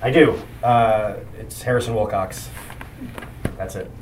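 A man's voice: fairly low pitch, steady tone, slow pace, reverberant, recorded from a distance, noisy background. A man guest in a casual podcast chat, cracking jokes. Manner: joking, playful.

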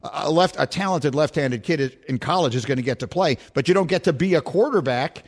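A man's voice: on the high side, a little fast. A man hosting a sports radio show, rambling, easily sidetracked and joking with his co-hosts. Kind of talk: casual sports talk.

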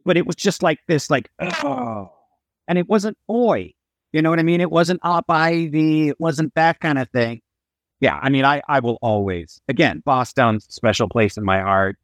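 A middle-aged man in casual podcast chat, a lively storyteller who acts out the voices of people he quotes. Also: a little high, normal speed, no echo, studio quality. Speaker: guest musician.

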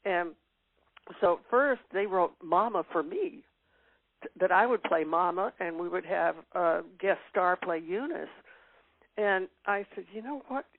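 A woman's voice: fairly low pitch, measured pace, no room sound. An older woman as an interview guest, reminiscing in casual chat with frequent fillers and laughs. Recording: tinny phone-line sound.

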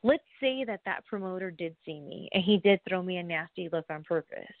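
A chatty woman rambles through a story for her vlog, piling on fillers and side remarks. She dips into hushed whispers and then breaks out loudly. The sound is thin and phone-like, with a dry, close feel. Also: fairly low pitch, expressive, fairly quick, dry recording. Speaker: wrestler.

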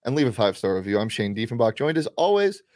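A man's voice: mid-range voice, big pitch swings, fast talker, darkish tone, dry recording, studio quality. Upbeat male sports-betting show host. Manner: upbeat, enthusiastic, with frequent fillers. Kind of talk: casual sports betting chat.

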